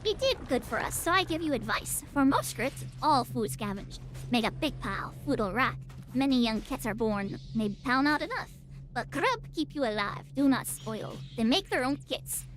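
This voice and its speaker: A woman's voice: high-pitched, expressive, moderate pace, noisy background. A woman voicing a small rat-like creature elder who gives earnest advice in broken, simple speech.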